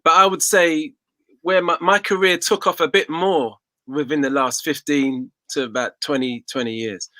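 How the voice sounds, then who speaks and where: A man's voice: fairly high pitch, fairly even intonation, moderate pace, sharp tone, no room sound. A man in his forties, a guest singer in a casual interview, telling his story reflectively and repeating words as he thinks. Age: 40s.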